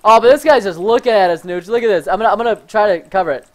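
A young man giving excited, fast-reacting commentary while playing a video game with a friend, often shouting and laughing. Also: sits high. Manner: energetic, shouts and laughs during play. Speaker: gaming video host.

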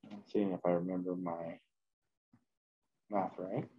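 A man lectures a chemistry class, talking slowly through a calculation and catching his own mistakes along the way. His voice sits a little low. The classroom recording sounds dull and lo-fi. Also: level tone, slightly rough. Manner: slow, thinking aloud while working math at the board, self-correcting. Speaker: chemistry instructor.

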